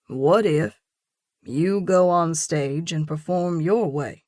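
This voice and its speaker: Lady narrator doing a chill teasing young guy, lowish voice, slow and easy, dry close sound. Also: darkish tone, dry recording. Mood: coaxing. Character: grounded young man, gentle and teasing. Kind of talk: audiobook dialogue.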